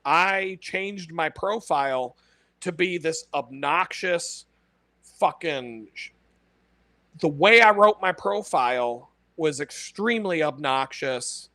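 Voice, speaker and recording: A man's voice: fairly high pitch, lively intonation, takes it slowly, pushed and bright, no room sound. A man telling blunt stories in a casual monologue, swearing constantly and laughing at his own punchlines. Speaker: podcast host. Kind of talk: casual profane storytelling monologue.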